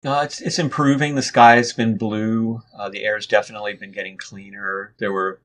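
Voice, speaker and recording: Low-voiced male guest, rambling conversational storyteller, lots of restarts. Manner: relaxed, rambling, frequent restarts and fillers. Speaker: interview guest.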